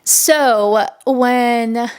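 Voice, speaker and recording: A somewhat high-voiced young woman in her twenties hosts a solo podcast, talking casually and warmly. She gushes, leans on "like" constantly, and her voice keeps edging toward emotional giggles. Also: extremely slow, smooth. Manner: chatty and gushing, heavy use of "like" fillers. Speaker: podcast host.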